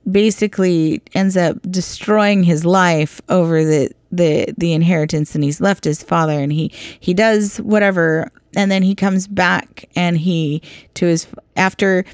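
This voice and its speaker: A woman giving an informal, earnest bible teaching, halting with many restarts. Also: lowish voice, no echo, studio quality.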